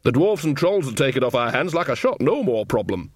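A man's voice: mid-range voice, very animated, fairly quick, breathy edge, dry recording, clean studio sound. A man voicing a cheerful, gossipy old woman witch in an audiobook, chatty and teasing. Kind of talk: audiobook reading.

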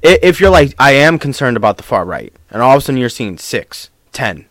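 Male podcast co-host, animated pitch, dry close sound, agreeable riffer. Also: brisk, dry recording. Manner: agreeable, joins in with riffs. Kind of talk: casual chat.

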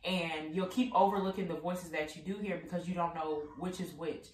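Woman host for a casual faith podcast, low-ish voice, chatty with lots of "like", recorded in an echoey room. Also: fairly even intonation, a little fast, a little hiss or hum. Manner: chatty, says "like" often. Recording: echoey room, mic at a distance.

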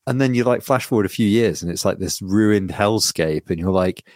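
Man, very low voice, dry close sound, rambling sweary podcast chat. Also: moderate pace, no room sound. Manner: rambling, sweary, animated storytelling. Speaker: podcast co-host. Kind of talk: casual chat.

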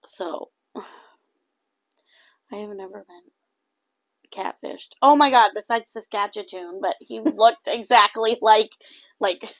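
A young woman co-hosting a podcast in casual chat, animated and laughing often, trailing off mid-sentence. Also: mid-range voice, takes it slowly, long pauses. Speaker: podcast co-host.

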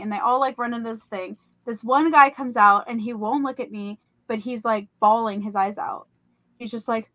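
A young woman hosting a podcast, telling about a vivid dream in a casual, animated way full of "like" and fillers. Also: on the high side, normal speed, no room sound. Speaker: podcast host. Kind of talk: casual storytelling.

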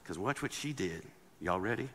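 A man giving a humorous sermon as a guest speaker, animated and acting out the people in his stories. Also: sits low, normal speed, slight background noise. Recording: long hall reverb.

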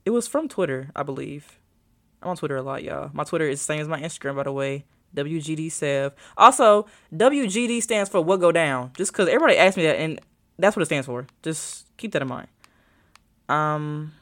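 Searching her phone, a young adult woman in college thinks aloud and rambles in casual vlog chat with her viewers. Her deep, fairly bright voice moves briskly, with lively intonation.

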